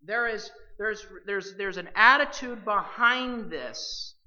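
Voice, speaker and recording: A preacher gives a sermon in a bright, forceful voice, pressing each point with emphasis and speaking straight to the listeners. The recording is dull and lo-fi, with the top end muffled. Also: medium pitch, slow. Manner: emphatic, addresses listeners directly as believers.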